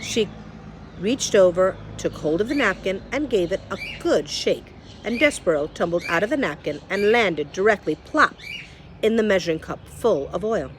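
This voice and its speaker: A woman reading a children's novel aloud in a lively storytelling manner, speaking to the listener. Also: medium pitch, moderate pace, slight background noise. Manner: lively storytelling, addresses the reader. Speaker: reader.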